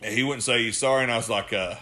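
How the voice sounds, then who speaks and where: Man, co-host, bright voice, profane storyteller. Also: medium pitch, quick pace. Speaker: podcast co-host. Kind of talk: casual chat.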